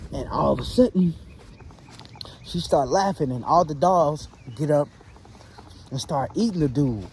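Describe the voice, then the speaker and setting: A man casually narrating a spooky storytime tale in a relaxed, conversational way, with drawn-out fillers between beats. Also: a little high, a little hiss or hum, rough recording.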